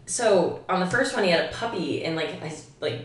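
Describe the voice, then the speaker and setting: A woman's voice: lowish voice, lively intonation, a little fast, distant mic. Laid-back woman co-host, off-mic, roomy. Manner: joking, wry storytelling. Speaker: podcast co-host. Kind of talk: casual chat. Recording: roomy sound from off-mic with clear noise.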